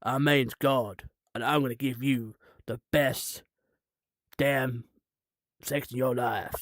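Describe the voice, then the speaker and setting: A man's voice: medium pitch, fairly even intonation, takes it slowly, no echo, clean studio sound, close to an everyday voice. A man doing a cocky, offhand God. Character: booming offhand God, adult male, cocky.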